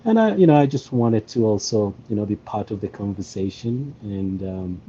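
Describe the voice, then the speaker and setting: A man's voice: lowish voice, expressive, normal speed, warm tone. A man calling in to a live video chat, speaking hesitantly with plenty of fillers. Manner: hesitant, full of "you know" and "um". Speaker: guest caller. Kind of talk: casual conversation on a live video call. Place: at home in Colorado. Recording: muffled call audio with faint noise.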